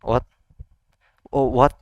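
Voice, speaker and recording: A man's voice: extremely slow, a little mellow, no room sound. A man hosting an anime reaction, talking casually to the screen and blurting out startled exclamations and swearing.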